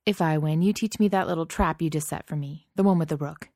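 A woman voicing a brash, eager young male starship captain who talks in a bright, pushy, slightly flustered way. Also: sits low, quick pace, no echo, studio quality.

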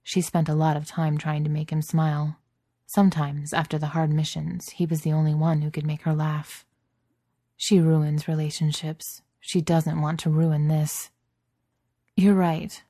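A woman reading fan fiction aloud in steady, measured narration. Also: deep voice, no echo, studio quality.

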